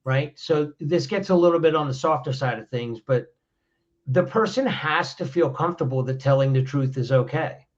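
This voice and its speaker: This podcast guest's voice is a little high, moving at a moderate pace as he gives plainspoken, conversational tips for dealing with anger. He frequently starts his phrases over, and the recording's high frequencies are missing.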